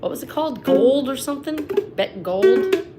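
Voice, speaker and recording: A woman's voice: high voice, expressive, normal speed, loud music behind the voice. A woman, chatting on a live stream in a rambling, self-mocking way with laughing asides. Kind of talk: rambling casual chat between sung snippets. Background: ukulele strumming.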